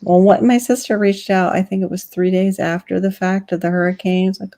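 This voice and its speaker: A woman's voice: mid-range voice, flat delivery, brisk, hardly any pauses, dark tone, no echo. A woman chatting casually on a family live stream, candid and wry, laughing often, picked up by a webcam mic at home. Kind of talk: casual chat.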